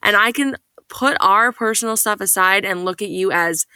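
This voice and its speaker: A woman co-hosting a casual pop-culture podcast, animated and gossipy, swearing casually. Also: medium pitch, moderate pace, smooth, dry recording. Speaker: podcast co-host. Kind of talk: casual chat about reality TV.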